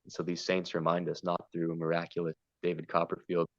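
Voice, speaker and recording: Deep monotone guy rambling earnestly about spirit stuff, dull dry audio. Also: fairly quick, dry recording. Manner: meandering, earnest, storytelling. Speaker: podcast guest. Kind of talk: spiritual conversation.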